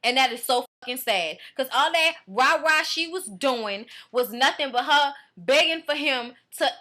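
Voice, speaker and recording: Bright, high-voiced woman ranting bluntly. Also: measured pace. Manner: blunt, profane, animated ranting. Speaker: reality show reviewer. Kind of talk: casual commentary.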